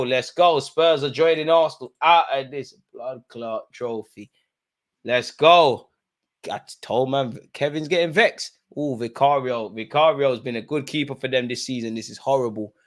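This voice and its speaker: A man hosting a live football watch-along, chatting in slang about the match and breaking into loud shouts when a chance or goal comes. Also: mid-range voice, moderate pace. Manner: London slang, bursts into shouting at chances and goals.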